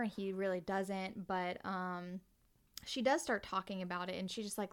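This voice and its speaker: A woman's voice: mid-range voice, normal speed. A woman co-hosting a casual book podcast, retelling scenes and quoting the characters, with lots of "like" fillers. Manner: uses filler 'like' often. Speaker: podcast co-host.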